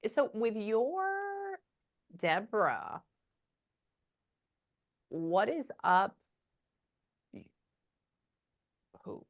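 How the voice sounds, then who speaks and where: A woman giving a psychic reading over a video call, halting often with quiet murmured asides. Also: a little high, wildly swooping pitch. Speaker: psychic medium.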